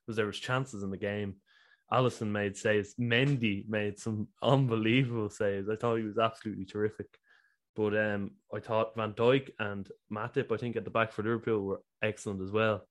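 A man's voice: fairly low pitch, steady tone, moderate pace. A man from Ireland, co-hosting a podcast and enthusing casually about football. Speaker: podcast co-host. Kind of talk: casual chat.

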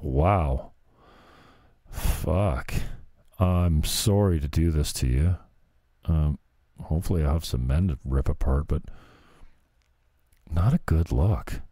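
Low, sarcastic male commentator. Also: takes it slowly, long pauses, mellow, no room sound, clean studio sound. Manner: sarcastic, jeering. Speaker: commentary host. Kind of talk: mocking commentary over clips.

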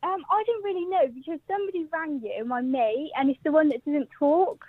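A woman's voice: sits high, fairly quick, no echo. A sixteen-year-old girl from South Wales calling in to a live stream, nervous and giggly. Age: teens, 16. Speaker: caller. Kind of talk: casual phone call. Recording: dry tinny phone line.

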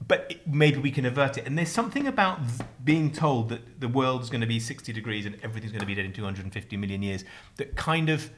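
A man's voice: mid-range voice, lively intonation, quick pace. A man, co-hosting a casual chat and telling rambling comic stories. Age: 50s. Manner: rambling, comic, acts out quoted voices. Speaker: podcast co-host.

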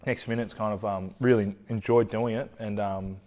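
A young Australian man talks with a low-pitched, easygoing voice. He rambles and restarts his phrases often, like a relaxed podcast guest. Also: moderate pace. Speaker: guest, former footballer. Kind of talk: casual chat.

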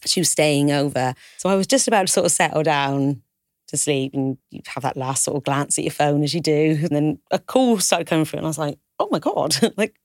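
Low-pitched woman telling her story on a podcast, does the voices, lots of "like", dry close mic. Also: fairly quick, a little mellow, no echo. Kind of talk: candid conversational storytelling.

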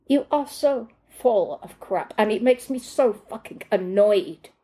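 A spoiled, crude teenage boy who shouts, swears and threatens, as a woman voices him in a reading. The voice is husky and mellow, with sudden loud outbursts. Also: mid-range voice, lively intonation, measured pace. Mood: sneering, threatening.

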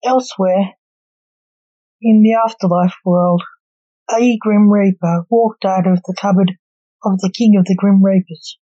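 A woman storyteller reading a story aloud in a calm, even way. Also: mid-range voice, measured pace, long pauses, no echo. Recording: dull lo-fi recording.

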